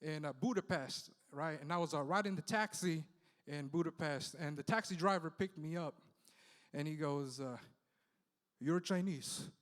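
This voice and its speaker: High-voiced profane stand-up comic man. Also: moderate pace. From Philippines heritage, Bay Area. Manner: loose, profane, conversational with many "you know" tags. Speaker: stand-up comedian hosting. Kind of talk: stand-up comedy set. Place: comedy club stage. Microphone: handheld stage mic. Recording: live club with long reverb.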